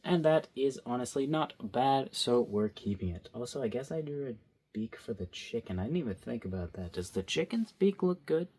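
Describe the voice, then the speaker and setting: A young vlogger chats to himself while drawing, recorded on his phone, giving casual, rambling, playful commentary. His medium-pitched voice is expressive and warm with a breathy edge, at a normal speed.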